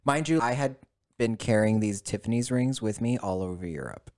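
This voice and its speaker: A man's voice: mid-range voice, lively intonation, moderate pace, a little mellow. A man guest in casual conversation, telling a story with plenty of swearing and acting out both sides of the dialogue. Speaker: podcast guest.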